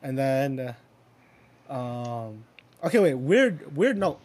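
A young man chats casually, winding through a long story packed with fillers and swearing and chuckling as he goes. His mid-range voice has a sing-song lilt, a slow pace and a slightly mellow quality.

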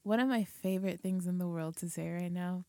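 Podcast lady, lots of like and you know, raspy fry in her voice, dry close mic. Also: lowish voice, steady tone, brisk, dark tone, no room sound. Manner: chatty, fillers of "like" and "you know". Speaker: podcast co-host. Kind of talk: casual chat.

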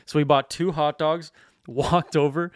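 A man's voice: a little high, steady tone, unhurried, clear, resonant tone, dry recording, studio quality. A man co-hosting a podcast, telling rambling, swearing stories and laughing hard at them. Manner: laughs often and hard mid-story. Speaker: podcast co-host. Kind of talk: casual banter, storytelling.

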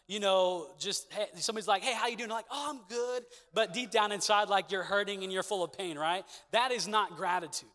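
Bright-voiced young male preacher. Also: high-pitched. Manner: preaching with call-and-response, repeated catchphrases. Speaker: pastor. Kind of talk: sermon. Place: church hall with a congregation. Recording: long echo of a big hall.

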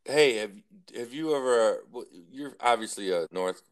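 A man's voice: measured pace, clear, resonant tone, no room sound. Swearing man telling a casual story. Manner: profane, animated, mimics others with sharp jumps in pitch.

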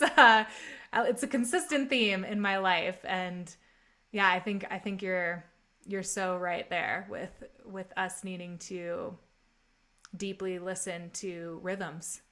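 Thoughtful woman guest on a podcast. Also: mid-range voice. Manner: thoughtful, searching, soft-spoken. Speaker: podcast guest, health coach. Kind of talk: casual podcast conversation.

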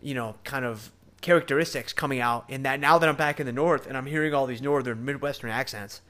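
Talking quickly at a medium pitch, a Southern-drawling podcast host speaks to his listeners about faith. He's relaxed in tone but earnest and animated, speaking right to the people tuning in.

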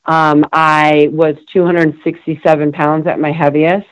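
A woman's voice: low voice, little pitch movement, measured pace, no room sound. A woman telling a heartfelt personal recovery story as an interview guest, with many fillers and restarts. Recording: dull, dry lo-fi recording.

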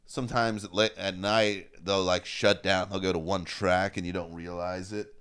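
A man co-hosting a casual comedy chat, laid-back and swearing freely, now and then shouting out the reactions he quotes. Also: low voice, little pitch movement, moderate pace, clean tone. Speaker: podcast co-host, comedian.

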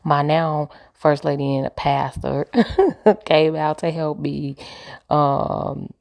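A woman's voice: low-pitched, flat delivery, slow, gravelly, darkish tone. A woman telling a personal story candidly, emphatic and repeating her points with preachy asides.

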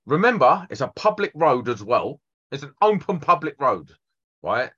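A man's voice: medium pitch, very animated, moderate pace, pushed and bright, husky. A man, a guest electrician telling blunt, sweary stories in casual chat. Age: 40s. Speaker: electrician guest on a trade podcast. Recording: dull lo-fi podcast audio.

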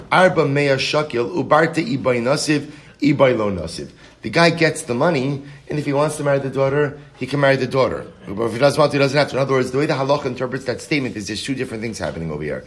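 A man teaching a Talmud class, reading the Aramaic text aloud and then explaining it in English with rhetorical questions. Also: mid-range voice.

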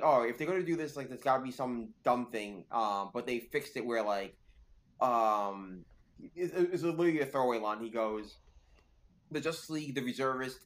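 Rambling man chatting about comics. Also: mid-range voice. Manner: rambling, many fillers and restarts. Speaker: podcast co-host. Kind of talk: casual comic book chat.

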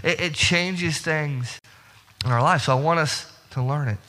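A man preaching a sermon as pastor, emphatic and repetitive, climbing higher in pitch as he presses his points. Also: unhurried, bright, forceful tone. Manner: emphatic, repeats words and restarts, rises in pitch when stressing points. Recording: long reverb of a hall.

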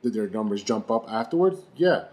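A man's voice: fairly low pitch, expressive, brisk, a little mellow. A man hosting a casual sports talk show, blunt and offhand. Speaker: show host.

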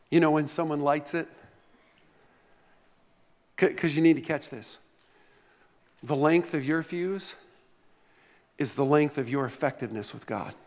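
A male pastor delivering a sermon, telling stories with playful humor and asking the congregation questions. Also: on the high side. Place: large church hall. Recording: long reverb of a church hall.

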